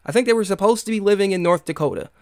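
A man's voice: sits high, expressive, very fast, a little mellow, dry recording, studio quality. Sarcastic rambling man, Michigan accent. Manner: rambling, sarcastic, many fillers and restarts. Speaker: podcast host. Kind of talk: casual live-stream monologue.

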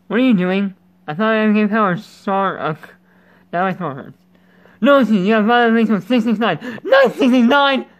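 A man's voice: high-pitched, normal speed. A man hosting his gaming channel with casual let's-play commentary, rambling and goofy, breaking off mid-thought. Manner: rambling, self-interrupting, goofy.

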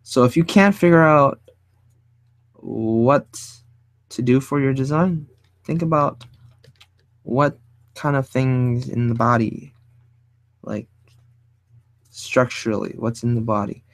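A man teaching design while he draws, thinking aloud in a casual, rambling way, often hunting for the right word and sometimes speaking low. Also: slow pace, pauses often, no room sound. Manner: speaks fairly low and quiet at times. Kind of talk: casual drawing tutorial talk.

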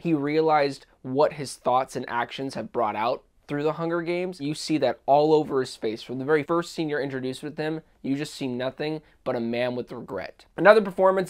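Enthusiastic young man reviewing a film. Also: mid-range voice. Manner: enthusiastic, opinionated, frequent restarts. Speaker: movie reviewer. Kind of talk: casual spoken film review.

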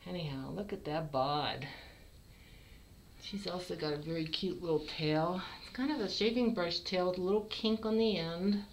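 A middle-aged woman, a longtime cat breeder, showing off kittens in a fond, unhurried way. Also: lowish voice, slight background noise, rough recording. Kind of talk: casual kitten showcase.

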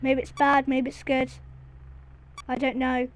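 High-voiced woman panicking through a horror game. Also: unhurried. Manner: panicky, excitable, shrieks and mutters to herself. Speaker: gaming video creator. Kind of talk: let's play commentary.

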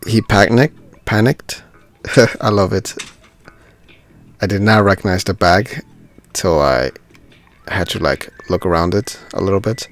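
A gaming channel host plays a video game while chatting casually, thinking aloud and getting delighted by little things. His voice is deep, unhurried, and full of pauses.

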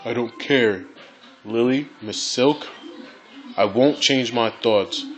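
A man's voice: mid-range voice, takes it slowly, a bit bright, soft background music. A man reading a stern, stubborn father's game dialogue aloud in a firm voice.

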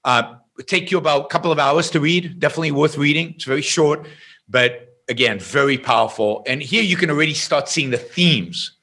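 A man as an interview guest, telling an anecdote in a lively way and often restarting his sentences. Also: on the high side, a little fast, husky. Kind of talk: explaining and storytelling in conversation.

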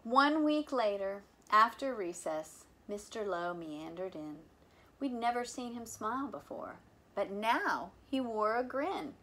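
Animated woman reading a picture book. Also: a little high, slow pace. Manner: animated, playful, with chatty asides. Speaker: volunteer reader.

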